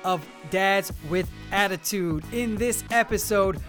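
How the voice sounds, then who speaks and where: A man's voice: on the high side, measured pace, fairly bright tone, soft background music. A man hosting his own podcast alone at a mic, chatting in a rambling, self-mocking way full of jokey asides. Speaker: podcast host. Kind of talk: solo podcast chat. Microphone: studio mic.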